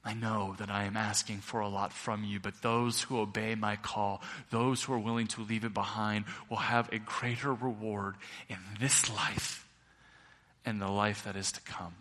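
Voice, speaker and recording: A middle-aged male pastor preaching a sermon, building to loud peaks and then dropping quiet. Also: on the low side, flat delivery, normal speed. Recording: long reverb of a large hall.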